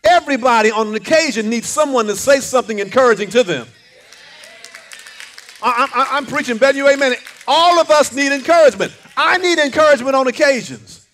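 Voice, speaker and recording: A man's voice: very high voice, lively intonation, brisk, a bit bright. An older man preaching a sermon, fervent, with call-and-response lines and repeated words. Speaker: pastor.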